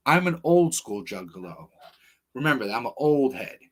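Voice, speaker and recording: A man's voice: mid-range voice, very animated, normal speed, slightly rough. A man hosting a livestream, telling personal stories in a rambling, blunt, profane casual monologue. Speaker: livestream host.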